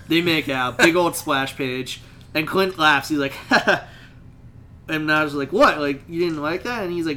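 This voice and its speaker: Bright-voiced man recapping comics. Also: on the high side, slight background noise. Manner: retells scenes with quick put-on character voices. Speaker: podcast host. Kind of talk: casual comic book chat.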